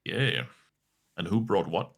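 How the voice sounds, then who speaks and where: A man's voice: deep voice, big pitch swings, takes it slowly, vocal fry. A man co-playing a story game, joking around and reading its lines aloud in character. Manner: joking, laughs often, reads lines in character. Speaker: let's play co-player. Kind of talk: casual game commentary, reading dialogue aloud. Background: game music.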